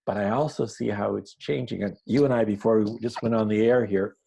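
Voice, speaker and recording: Male interview guest, low husky gravelly voice, mellow tone, earnest storyteller. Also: steady tone, brisk, poor audio. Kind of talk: conversational interview.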